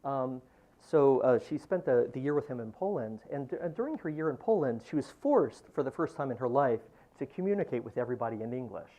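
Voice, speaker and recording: A man giving a university talk and poetry reading, halting with frequent ums and restarts, getting louder and livelier as he reads. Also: mid-range voice, lo-fi sound. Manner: lively, swells in volume when reading poem lines. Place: lecture room.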